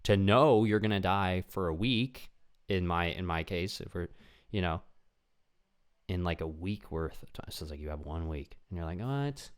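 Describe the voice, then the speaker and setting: A young man hosting a solo podcast in a casual ramble, often dropping into quick imitations of other people. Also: low voice, smooth. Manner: rambling, animated, acts out voices of people he imagines. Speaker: podcast host.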